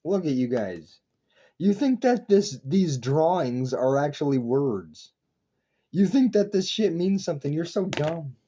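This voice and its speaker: A man's voice: a little high, lively intonation, a little slow, dark tone, slightly rough. A young man lecturing his viewers in an intense, profane, repetitive philosophical rant to camera. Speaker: online video creator.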